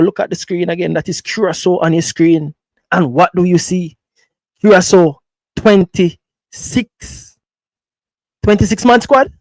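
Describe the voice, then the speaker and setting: Animated Jamaican man hosting football talk. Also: high-pitched, no echo, rough recording. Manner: animated, playful, talks to viewers as "people". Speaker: football show host. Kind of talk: casual commentary to camera.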